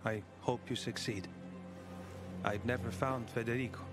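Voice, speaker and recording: An earnest, inquisitive young villager , voiced by a man, speaks in a video game. His voice sits at an ordinary male pitch. Game music plays under him. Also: steady tone, normal speed, close to an everyday voice.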